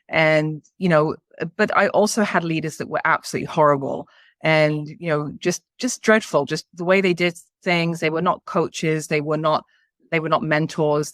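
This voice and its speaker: A woman's voice: low voice, dry recording, clean studio sound. A woman in her fifties from the United Kingdom, a leadership coach being interviewed on a podcast. She speaks enthusiastically and at length. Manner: enthusiastic and talkative.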